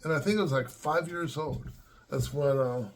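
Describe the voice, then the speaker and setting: A man's voice: on the high side, moderate pace. An older man from the Los Angeles area reminiscing at home in a rambling, casual way, with many fillers and restarts. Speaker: vlogger. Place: at home with his dogs.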